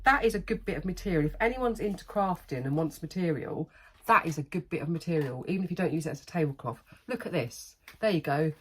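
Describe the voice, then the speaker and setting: A woman's voice: fairly low pitch, lively intonation, quick pace, breathy edge. A middle-aged woman, chatting casually and rambling in a haul vlog, laughing often. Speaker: haul vlogger.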